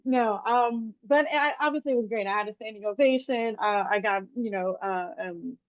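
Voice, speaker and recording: A woman hosts a podcast in an easy, chatty way, sliding into animated quoted asides as she tells her stories. Her voice sits at a middling pitch for a woman. The recording is dry and a little dull, with lo-fi podcast sound. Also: moderate pace, no echo. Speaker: podcast host. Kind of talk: casual interview chat.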